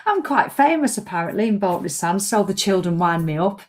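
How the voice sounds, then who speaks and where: A woman's voice: medium pitch, expressive, fairly quick, a little mellow. A middle-aged woman, rambling and self-mocking in a fitness vlog. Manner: rambling, self-mocking, breaks into sung jingles. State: hiccups. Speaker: fitness vlogger. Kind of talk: chatty live video.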